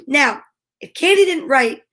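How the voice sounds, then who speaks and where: Bubbly woman host, middle-aged, high bright voice, chatty and animated with young viewers. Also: measured pace. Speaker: host of a children's story-time show. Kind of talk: cheerful chat to kids at home.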